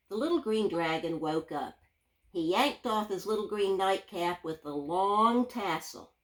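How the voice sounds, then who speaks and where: A woman teacher reading a children's story aloud, gentle and drawn out, leaning into the sound words. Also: medium pitch, rough recording.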